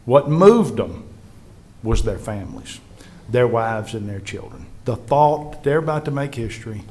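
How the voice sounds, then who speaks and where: A man's voice: mid-range voice, measured pace. A man, a state legislative leader telling earnest anecdotes to a history panel audience. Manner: earnest, animated storyteller acting out colleagues' words. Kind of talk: anecdotal storytelling to a live audience.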